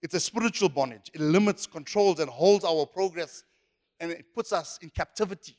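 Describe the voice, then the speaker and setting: A man's voice: fairly high pitch, normal speed, a little mellow. A man preaching a sermon as pastor, emphatic and repetitive. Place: church hall. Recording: echoey church hall.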